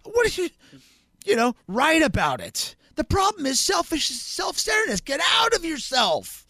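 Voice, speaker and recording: Loud animated man, high bright voice. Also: normal speed, gravelly, dry recording. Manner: animated, joking, acts out scenes in voices, gets loud. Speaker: guest co-host. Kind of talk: casual podcast chat.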